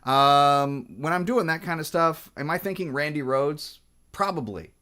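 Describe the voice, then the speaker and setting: A guitar vlogger from Washington State, speaking with a Pacific Northwest accent, drifts through a casual guitar chat full of fillers and false starts. His voice is a little high, pushed and bright, and his pace is measured.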